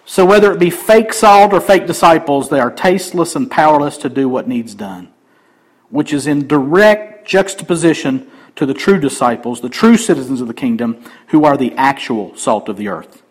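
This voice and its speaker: A man preaching a sermon, swinging between emphatic raised passages and quiet conversational asides. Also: fairly high pitch, lively intonation, normal speed, slightly rough, poor audio. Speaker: pastor.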